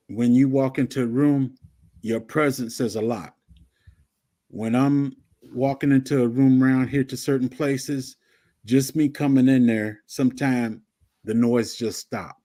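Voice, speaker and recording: A man in a casual live audio discussion, explaining his view in plain, measured words. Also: medium pitch, dark tone. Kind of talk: casual chat.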